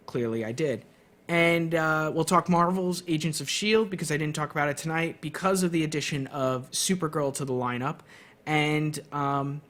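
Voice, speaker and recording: A man's voice: fairly high pitch, fairly bright tone. A man hosting his own TV podcast stream, talking casually and rambling with lots of fillers. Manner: rambling, chatty, many fillers. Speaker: podcast host. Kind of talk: casual solo stream chat.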